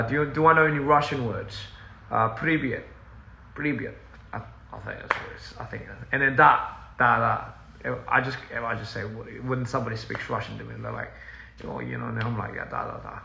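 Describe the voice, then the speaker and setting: A man's voice: medium pitch, creaky, bright, forceful tone, echoey room, a little hiss or hum. A young man rambling through a casual live-stream chat from home, easily sidetracked and laughing often. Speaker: musician live-streaming to fans. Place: at home, indoors.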